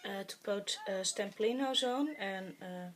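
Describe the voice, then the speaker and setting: A woman's voice: medium pitch, normal speed, slight background noise. A woman whose first language is Dutch, talking through a craft project in a casual, hesitant way with many fillers, muttering to herself as she works. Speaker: craft tutorial host.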